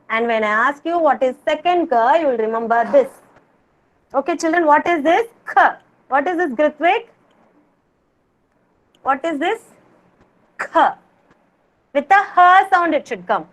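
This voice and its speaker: A young woman teaching a kindergarten Hindi class over a video call, drilling words in Indian English with slow, patient repetition. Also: high voice. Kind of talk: online class teaching children.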